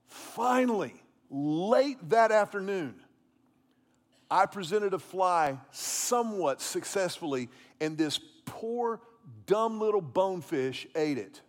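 High-voiced pastor in an echoing hall. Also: male voice. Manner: casual, animated storytelling with fillers. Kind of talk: sermon storytelling.

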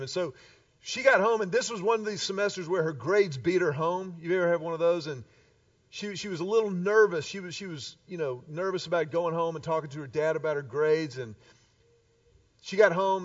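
Male pastor, animated storyteller, dry and dull live capture from the back. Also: on the high side, no room sound. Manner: animated storyteller, acts out quoted voices. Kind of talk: sermon. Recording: distant dull live recording.

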